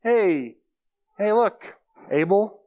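A preacher briefly acting out a bitter young farmer, whining with resentment or coaxing with false friendliness. The voice sits a little high for a man. He keeps it close to his own plain speaking voice. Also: expressive, very slow, lo-fi sound, full character voice.

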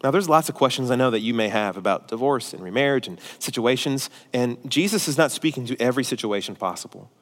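A male pastor preaching a sermon, forceful and emphatic at times and quiet and pastoral at others. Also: medium pitch, expressive, quick pace, few pauses. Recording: long hall reverb.

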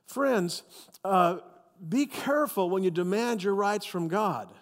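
A male pastor preaching a sermon with animated, emphatic storytelling. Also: high voice, a little slow, in a large hall.

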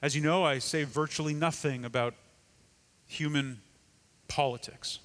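A male pastor preaching a sermon emphatically, often dropping into a hush for effect. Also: fairly high pitch, fairly even intonation, measured pace, long reverb tail. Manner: emphatic, dramatic drops to a hush.

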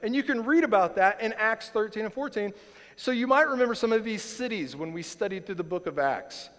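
Male pastor, fairly high voice, earnest emphatic sermon delivery, long hall reverb. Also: lively intonation, fairly quick, a bit bright. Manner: earnest, emphatic, repeats lines for stress.

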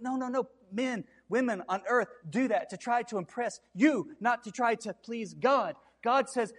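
A man delivers a sermon in a high, ringing voice. He drives his points home with emphatic repetition. His words echo through a hall with a long reverb. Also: normal speed, fairly bright tone. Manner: preaching with rising intensity, repeated emphatic cries. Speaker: pastor.

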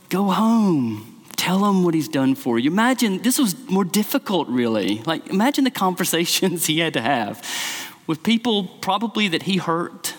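A pastor preaches a sermon in a conversational, storytelling style, peppering it with many "like"s. His voice is a little high and has a big-room sound.

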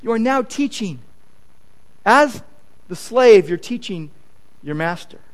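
Male pastor, sermon delivery, high and very lively voice, repeats points for emphasis. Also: slow pace. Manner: animated, acts out quoted conversations; emphatic repetition.

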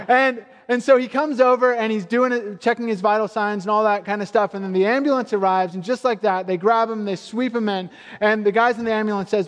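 A man with a high, light voice preaches a sermon in a relaxed, storytelling way, as if chatting with the congregation. His words ring out with a long reverb from a large hall. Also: a little fast. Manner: storytelling, conversational and earnest. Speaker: pastor.

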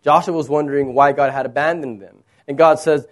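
Guy preaching a sermon, kinda high voice, gets dramatic acting out quotes. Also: fairly quick, hardly any pauses. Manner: expressive preaching, acts out quoted lines with rising pitch. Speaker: pastor.

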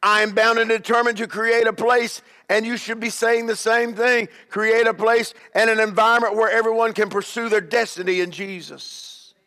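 Man, bishop, emphatic sermon, high bright voice, long hall reverb. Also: fairly even intonation, moderate pace, hardly any pauses. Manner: emphatic call-and-response preaching.

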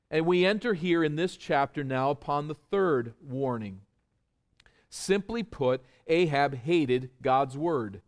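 A man with a slightly high voice preaches an expository sermon, explaining step by step and emphatically posing rhetorical questions to his listeners.

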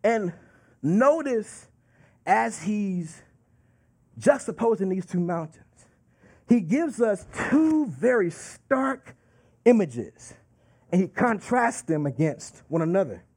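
A man preaching a sermon with emphatic, drawn-out delivery and call-and-response asides. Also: high voice, sing-song, a little mellow, slightly rough.

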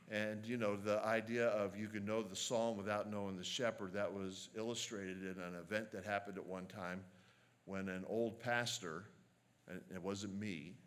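A man preaching a sermon as a pastor, earnest and measured, slowing down to stress quoted lines. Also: lowish voice, a bit bright.

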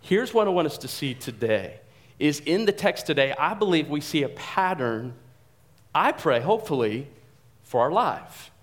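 A man in his forties preaching a sermon as pastor, telling a family story in a chatty, animated way. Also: fairly high pitch, moderate pace. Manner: anecdotal, chatty and animated, frequent restarts.

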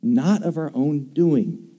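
A man's voice: on the high side, slow, warm tone. A man preaching a sermon on scripture, talking with emphasis and asking his listeners questions. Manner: conversational, emphatic, asks the congregation questions. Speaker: pastor.

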